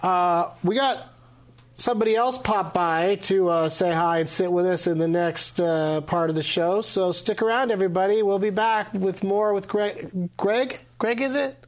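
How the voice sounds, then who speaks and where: A man hosting a podcast in a casual chat, relaxed and full of fillers. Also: high voice. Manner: relaxed, drawn-out filler-heavy delivery. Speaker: podcast host.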